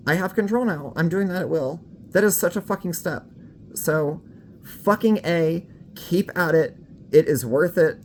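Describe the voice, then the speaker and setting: A woman's voice: low-pitched, a little mellow, a little hiss or hum. A woman talking casually to camera for her vlog, frank and candid, swearing freely and a little out of breath. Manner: slightly out of breath. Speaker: vlogger.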